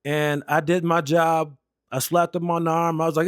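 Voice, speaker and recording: A man's voice: a little high, flat delivery, moderate pace, no room sound, clean studio sound. A young American man and Air Force veteran telling stories in a blunt, heated, profane way. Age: young adult. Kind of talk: casual storytelling rant.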